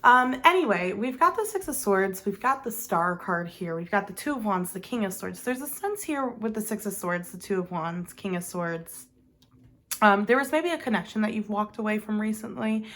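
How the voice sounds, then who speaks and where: A woman's voice: mid-range voice, expressive, moderate pace, a bit bright. Chatty woman doing a tarot reading. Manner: chatty, rambling, filler-heavy, laughs at herself. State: has the hiccups. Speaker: tarot reader. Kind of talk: casual tarot reading to camera.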